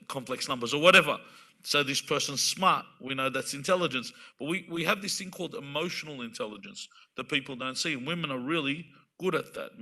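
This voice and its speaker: A man's voice: medium pitch, bright, forceful tone. A man giving a conversational sermon, acting out small everyday exchanges between husbands and wives. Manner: conversational, acts out everyday dialogues. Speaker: speaker at an Islamic centre. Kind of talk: sermon-style talk.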